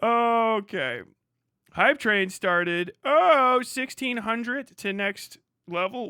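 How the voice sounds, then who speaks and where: Excitable, foul-mouthed male streamer. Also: extremely high pitch, very slow, clean tone, dry recording, clean studio sound. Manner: profane, excitable, laughs often. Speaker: live streamer. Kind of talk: casual live-stream chat.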